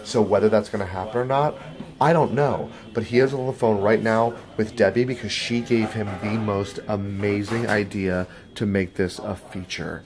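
A young man, an actor, chatting in a behind-the-scenes vlog from a film set, excitable at times and then quiet and reflective. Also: on the low side, normal speed, crowd noise.

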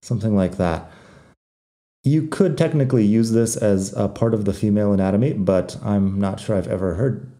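A man with a low, very dark and mellow voice gives a casual podcast lesson on Spanish slang. He talks in a relaxed, wry way, and his Spanish words carry a non-native accent. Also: moderate pace. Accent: non-native Spanish accent when speaking Spanish. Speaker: Spanish teacher.

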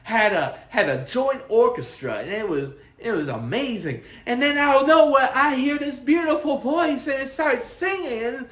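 A man's voice: very high-pitched, sing-song, moderate pace, few pauses, a bit bright, heavily acted. A man playing a dreamy, childlike 1950s singer-songwriter who rambles and giggles through a mock documentary interview. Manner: rambling, giddy, prone to giggling. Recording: roomy echo.

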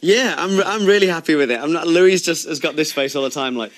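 A man's voice: fairly high pitch, a little fast. A man who dances professionally, chatting on a TV show, teasing his partner and laughing easily. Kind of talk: casual interview chat.

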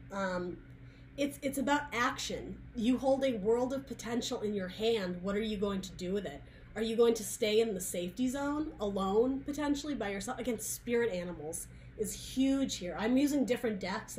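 A woman with a slightly high voice reads tarot cards in a chatty, searching monologue full of restarts and asides. There's slight background noise.

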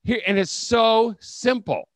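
Very high-pitched and slow, captured in a dry recording, a middle-aged man addresses a homeschool leaders' event. He tells stories conversationally and performs the quotes within them.

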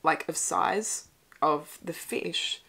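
A young woman giving a casual, excitable movie reaction commentary. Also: lowish voice, very slow, gravelly, husky. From Australia. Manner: excitable, swears and laughs at the screen. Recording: noisy home recording.

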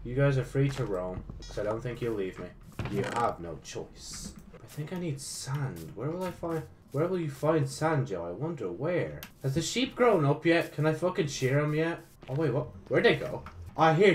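Excitable man swearing through gameplay commentary. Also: medium pitch, normal speed, slight background noise. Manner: excitable, swears often, talks to himself. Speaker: gaming channel host.

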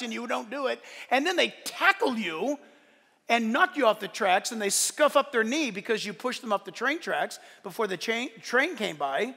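A man preaching in a very high, bright voice that rings through a large hall. His delivery is emphatic and animated. He breaks off into joking asides before driving his point home again. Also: normal speed. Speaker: pastor. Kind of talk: sermon. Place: church sanctuary during a service. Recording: long reverb of a large hall.

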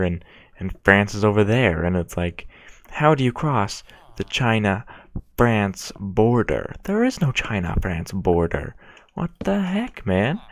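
Rambling low-voiced gamer guy. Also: vocal fry, no room sound. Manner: rambling and self-mocking, chatting to game characters. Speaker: gaming video creator. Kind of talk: casual gameplay commentary.

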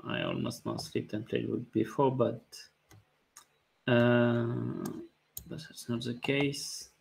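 A man, a chess grandmaster calmly thinking aloud about his moves during a live stream, with light jokes. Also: medium pitch, slow pace, gravelly. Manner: calm, thinking aloud move by move, light joking. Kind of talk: live-stream commentary on his own play.

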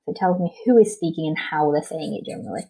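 A woman's voice: deep voice, fast talker, creaky, mellow, breathy edge, poor audio. A woman with a Welsh English accent, a primary school teacher patiently explaining a recorded lesson step by step, with frequent ums.

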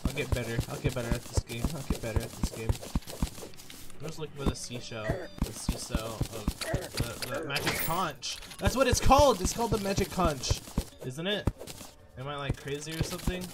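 A man's voice: medium pitch, very noisy. A man streaming a game, rambling and joking to himself as he plays. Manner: rambling, jokey, talks to himself. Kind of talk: casual gameplay commentary. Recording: loud music under the voice. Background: game music.

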